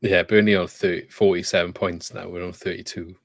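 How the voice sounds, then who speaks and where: Deep-voiced podcast host. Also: male voice, fairly quick, creaky, no echo, clean studio sound. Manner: relaxed, chatty, loose sentences with fillers. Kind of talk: casual football podcast chat.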